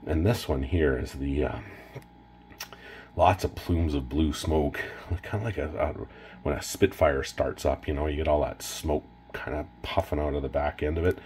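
A man's voice: very deep voice, moderate pace, a little mellow, a little hiss or hum. A Canadian man casually showing off cigars in a vlog, enthusiastic and rambling with fillers. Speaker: cigar reviewer.

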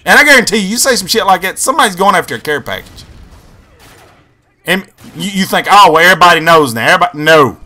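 A man with a high, very bright, edgy voice talks over his gameplay. His commentary is excitable, rambling and full of swearing, and his pitch swings widely from low mutters to sharp yelps. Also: fast talker, slight background noise. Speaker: gaming channel host.

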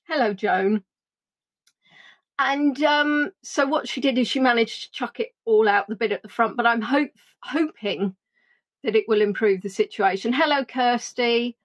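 A woman's voice: fairly high pitch, a little slow. A woman chatting casually as a livestream tour guide, greeting viewers by name and joking about herself. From England. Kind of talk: casual live chat with viewers.

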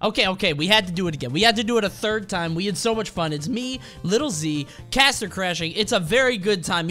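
An Australian man commentating a video game match in a casual, excitable way with bursts of laughter. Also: sits high, fast talker, hardly any pauses. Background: game music.

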